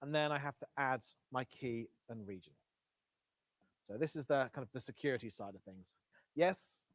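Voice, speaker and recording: A man's voice: medium pitch, lively intonation, normal speed, dry recording. Guy demoing code at a meetup, headset mic, chatty, restarts his sentences a lot, dry close sound. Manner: casual, self-correcting, wry asides. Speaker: meetup presenter. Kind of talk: live-coding tech talk. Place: meetup room with live audience. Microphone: Bluetooth headset.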